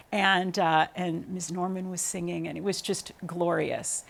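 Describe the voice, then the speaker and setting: A woman's voice: on the low side, a little slow, creaky. A woman in her thirties, a guest talking about her singing career in an interview, telling stories with lots of ums and restarts. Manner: animated storytelling with many fillers. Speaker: guest, opera singer. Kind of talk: interview conversation.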